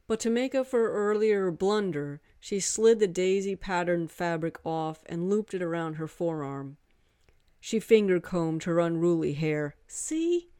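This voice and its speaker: A woman narrating a romance story in a measured, unhurried way. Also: fairly low pitch, mellow, clean tone, dry recording. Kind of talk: scripted narration.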